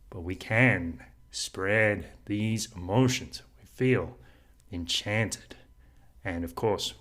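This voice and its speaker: A man hosting a podcast, talking through an idea in a reflective solo monologue, earnest and unhurried, with frequent soft laughs. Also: low-pitched. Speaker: podcast host.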